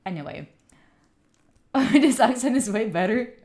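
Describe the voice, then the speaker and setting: A woman's voice: fairly high pitch, lively intonation, unhurried, a little mellow. A young Italian woman with an Italian accent, chatting casually with her stream chat, laughing often and answering viewers' questions. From Italy. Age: young adult. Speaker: study streamer.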